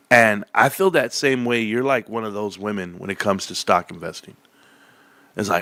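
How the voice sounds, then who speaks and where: A man's voice: mid-range voice, big pitch swings, moderate pace, sharp tone, dry recording. A man ranting in a casual, sarcastic and profane commentary as a stock market commentator.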